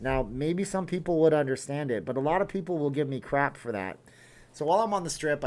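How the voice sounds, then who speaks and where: Chatty man hosting a livestream. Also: medium pitch. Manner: talkative, reads viewer comments aloud and answers them. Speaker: livestream host. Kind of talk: casual livestream chat.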